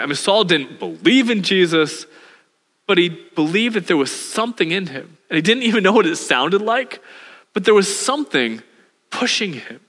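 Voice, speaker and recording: Bright-voiced male pastor preaching in a hall. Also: high voice. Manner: animated storytelling, acts out voices with laughs. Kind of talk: sermon. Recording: hall reverb.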